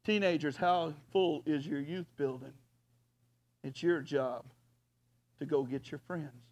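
A man preaching a folksy sermon as pastor, rising at times to loud hollers. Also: on the high side, takes it slowly, dull audio.

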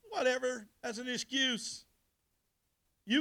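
A man's voice: high-pitched, moderate pace, fairly bright tone. A male pastor preaching a sermon, calling out to his congregation and getting them to respond in colloquial, straightforward talk. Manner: colloquial Southern speech.

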